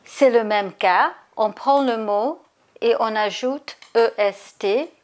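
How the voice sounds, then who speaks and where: A woman with a fairly high voice teaches an English grammar lesson. She gives each point in French and then again in English. She takes her time on the example words. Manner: slows down to spell out example words. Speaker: language teacher.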